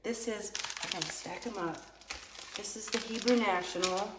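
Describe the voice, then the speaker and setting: A woman's voice: medium pitch, moderate pace, roomy sound, background noise. A woman vlogging a casual product test, chatty and rambling, joking aside to her viewers. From United States. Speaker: vlogger product testing a vintage cooker.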